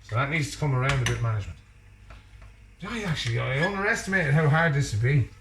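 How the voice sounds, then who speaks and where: A man's voice: medium pitch, lively intonation, fast, echoey room, noisy background. An Irishman chatting and joking while he cooks at home, bantering with someone off camera. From Ireland. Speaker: vlogger cooking at home. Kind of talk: casual chat while cooking. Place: home kitchen.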